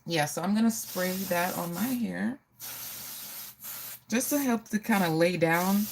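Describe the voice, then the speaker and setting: A woman's voice: fairly low pitch, a little slow, creaky, noisy background. A woman in her forties from the Caribbean, chatting casually to livestream viewers while doing her hair. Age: 40s. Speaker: livestream beauty and fashion host.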